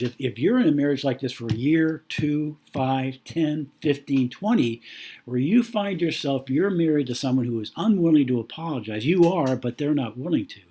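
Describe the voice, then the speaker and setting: A man's voice: fairly high pitch, mellow, breathy edge. A man giving an earnest teaching talk on marriage, acting out a couple's quarrel and often repeating words as he goes. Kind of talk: teaching talk with acted-out scenario.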